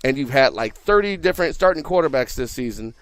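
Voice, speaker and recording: A man's voice: mid-range voice, expressive, fast talker, soft background music. A man co-hosting casual sports talk, laid-back and joking with slangy asides. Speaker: co-host.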